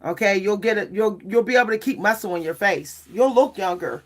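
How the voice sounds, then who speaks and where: A woman's voice: medium pitch, a little fast. A woman talking casually to her livestream viewers. She is chatty and addresses them with "y'all" again and again. She laughs often as she talks. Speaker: vlogger and French horn player.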